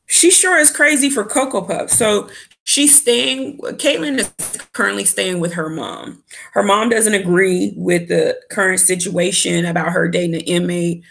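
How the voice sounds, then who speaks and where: A woman's voice: fairly low pitch, creaky, fairly bright tone. A woman giving a candid, opinionated casual recap of a reality show as a vlogger. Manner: candid, opinionated, with quoted asides.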